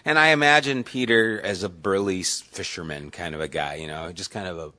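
A man's voice: low-pitched, a little fast, sharp tone. A man teaching a Bible study class in a conversational way, putting questions to the group.

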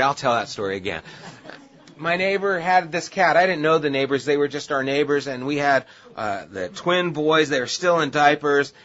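A man preaching a sermon, telling a humorous personal story and then turning earnest and quiet. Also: on the high side. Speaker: pastor. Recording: dull lo-fi audio with faint hiss.

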